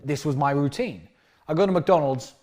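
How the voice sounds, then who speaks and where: A man in his thirties giving a brash, animated dating lecture, often acting out bits of dialogue. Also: fairly high pitch, moderate pace. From United Kingdom. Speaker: dating coach. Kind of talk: lecture-style monologue.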